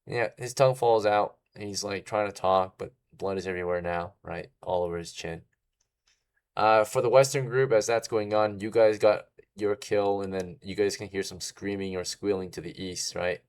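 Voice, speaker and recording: A man's voice: sits low, steady tone, normal speed, clear, resonant tone. A man narrating as game master in a casual way, often checking in with "right?". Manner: casual, tags lines with "right?".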